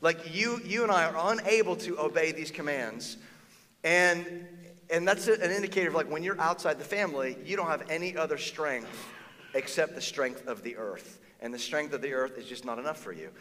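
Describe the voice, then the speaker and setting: A male pastor preaching in a casual, animated way, his fairly high voice bright and forceful. The sound carries a long reverb from a large church auditorium. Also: moderate pace. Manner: conversational and animated, acting out quoted voices. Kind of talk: sermon.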